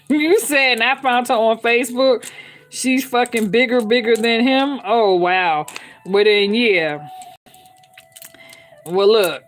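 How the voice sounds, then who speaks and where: A woman's voice: a little high, slow, pauses often. A woman hosting a live stream, talking bluntly and with heavy swearing, laughing often and reading out viewer comments. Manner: blunt, profane, laughs often, keeps checking in with listeners. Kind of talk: candid unscripted live-stream chat.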